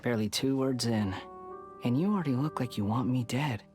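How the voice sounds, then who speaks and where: A man's voice: medium pitch, brisk, a little mellow, lightly acted. A man voicing a young male villain in a video game, sneering and condescending, with game music behind him. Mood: mocking.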